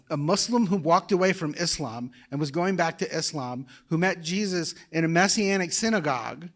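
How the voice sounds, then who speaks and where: Emotional man giving testimony, higher voice. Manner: emotional, conversational storytelling. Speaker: guest preacher. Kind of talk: personal testimony sermon.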